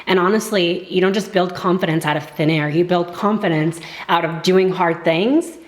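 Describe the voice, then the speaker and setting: A woman's voice: fairly low pitch, normal speed. A woman in casual chat on a food vlog, talking candidly and playfully. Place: indoors at a table, eating on camera. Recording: echoey room with faint noise.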